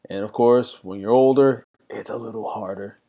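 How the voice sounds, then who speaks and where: A man's voice: on the low side, moderate pace, warm tone. A middle-aged man reflecting candidly in a rambling casual monologue, full of fillers. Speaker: vlogger.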